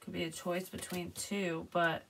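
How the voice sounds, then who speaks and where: A woman's voice: lowish voice, little pitch movement, a little slow, gravelly, distant mic, a little hiss or hum. A woman giving a casual, hesitant psychic tarot reading, rambling and sometimes dropping to a near whisper.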